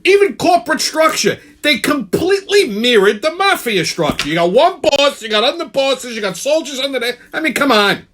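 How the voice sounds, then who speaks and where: A man's voice: very high voice, sing-song, normal speed, hardly any pauses, fairly bright tone. A man hosting his own channel, delivering a profane comedic rant in a brash tough-guy manner and repeatedly asking "okay?". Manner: heavy swearing. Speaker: channel host.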